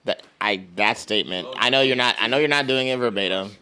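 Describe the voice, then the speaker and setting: A man's voice: medium pitch, fast, sharp tone. A man co-hosting a podcast, joking around and hedging his words in casual chat. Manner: joking, hedging, many restarts. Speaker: podcast co-host.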